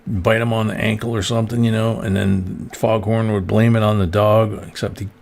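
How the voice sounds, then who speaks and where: A man's voice: fairly low pitch, flat delivery, moderate pace, vocal fry, darkish tone. A man hosting a coin live stream, chatting casually in a rambling way, with lots of fillers and restarts. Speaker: host of a coin roll hunting live stream.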